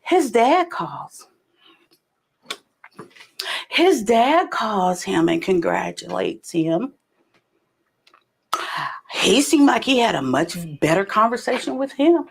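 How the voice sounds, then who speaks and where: A woman's voice: slow, creaky, pauses often, breathy edge. A woman in her forties hosting a casual livestream chat, telling stories with laughter and big leaps in her voice. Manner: animated storytelling with laughter and big pitch leaps. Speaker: livestream host.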